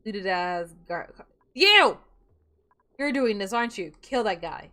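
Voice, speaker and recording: A woman's voice: mid-range voice, moderate pace. A woman streaming a game, chatting casually, muttering to herself and breaking into playful outbursts.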